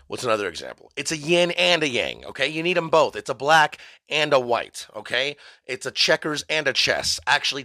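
A male podcast host delivering a rambling, mock-ranting comedic monologue, profane and deadpan absurd. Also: medium pitch, no room sound, studio quality.

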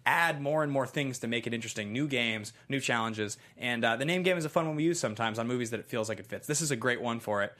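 A man's voice: mid-range voice, quick pace, few pauses. Joking male movie podcast host. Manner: relaxed, joking, many fillers. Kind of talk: casual movie podcast chat.

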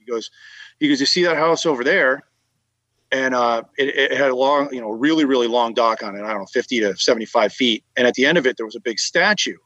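Talking quickly in a sharp, medium-pitched voice, this Massachusetts guest rambles through lengthy fishing stories in a casual chat, with plenty of fillers and restarts. The recording has no echo, but the highs are cut off.

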